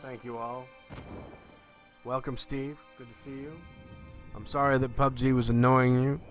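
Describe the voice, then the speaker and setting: A man's voice: medium pitch, little pitch movement, measured pace, music in the background. A man hosting a live stream, chatting casually with viewers and joking while he plays a game. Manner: chatty and joking, answers chat. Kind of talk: casual live gameplay commentary.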